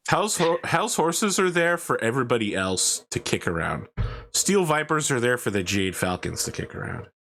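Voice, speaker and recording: A man hosting a game stream, telling profane stories with lively banter. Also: medium pitch, moderate pace, a little hiss or hum. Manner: animated, profane storytelling, laughing often. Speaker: host.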